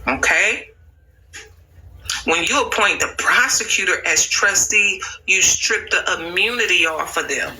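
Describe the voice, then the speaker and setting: A woman with a very bright, sharp voice chats loosely to her livestream audience. She tells stories in a relaxed, slangy way and swears without a second thought. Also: fairly low pitch, unhurried, a little hiss or hum, rough recording. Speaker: livestream host. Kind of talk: casual livestream storytelling.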